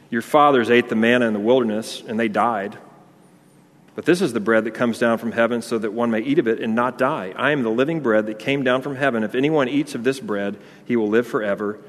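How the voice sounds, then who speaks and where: Man, pastor, conversational sermon, mid pitch, Scripture readings, long hall reverb. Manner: earnest, conversational preaching with fillers and Scripture readings.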